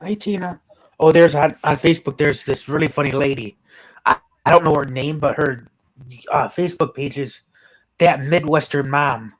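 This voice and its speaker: A man co-hosting a casual livestream chat, telling anecdotes in an animated way. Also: on the high side, normal speed, poor audio. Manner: animated storyteller.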